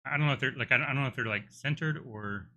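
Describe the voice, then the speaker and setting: Racing along in a mid-range voice that's pushed and bright, a middle-aged game developer with a tired throat codes live on stream. He thinks aloud hesitantly, restarting often as he works things out, and the audio is dull.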